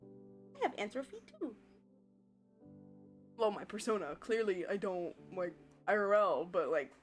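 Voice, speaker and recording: A woman's voice: mid-range voice, sing-song, measured pace, soft background music. A woman streaming a game live, chatting casually with her chat and giggling often. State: voice tiring. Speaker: VTuber streamer.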